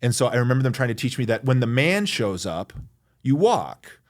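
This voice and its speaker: A man's voice: mid-range voice, big pitch swings, brisk. A man in his forties from Michigan, a lawyer chatting as an interview guest in a loose, self-deprecating way with plenty of fillers. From Michigan, USA. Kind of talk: casual interview chat.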